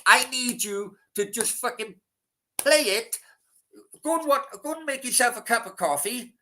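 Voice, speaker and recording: A man's voice: extremely high pitch, expressive, measured pace, sharp tone, a little hiss or hum. A man hosting a casual live stream, rambling, swearing freely and talking straight to his chat. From Wales.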